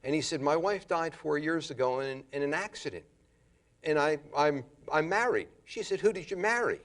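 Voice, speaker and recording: A man giving a public lecture, telling a story in an animated way. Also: fairly high pitch, normal speed.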